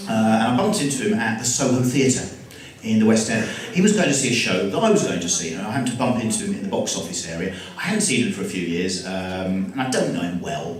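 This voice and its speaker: An English man doing chatty, self-deprecating stand-up comedy to a live audience in a school hall, bantering with the crowd. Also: low voice. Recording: echoey hall, mic from far off.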